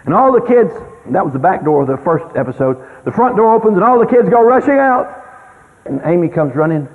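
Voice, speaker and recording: An older man tells stories about raising children in a folksy, anecdotal way, his high, lively voice moving a little fast and breaking into sudden loud exclamations. The broadcast sounds thin and tinny, lo-fi radio with a long reverb.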